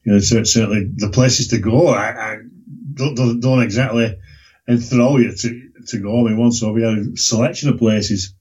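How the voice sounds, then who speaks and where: A man, talking in a rambling, halting way on a casual podcast, with many restarts. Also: medium pitch, steady tone, a little mellow, husky. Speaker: regular guest presenting a documentary series. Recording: dull lo-fi recording.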